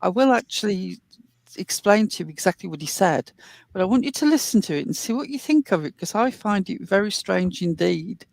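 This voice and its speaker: A woman's voice: mid-range voice, lively intonation, brisk, creaky, darkish tone, no room sound. A woman hosting a commentary show, earnestly retelling and explaining a clip step by step. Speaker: commentary host.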